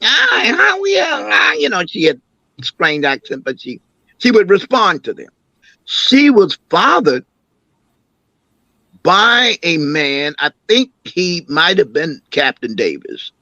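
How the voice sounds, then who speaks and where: An older man, an imam and councilman, recounting family memories as an interview guest with an animated, storytelling manner. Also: on the high side, slow, long pauses, no echo, poor audio. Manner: animated storyteller, acts out quoted voices.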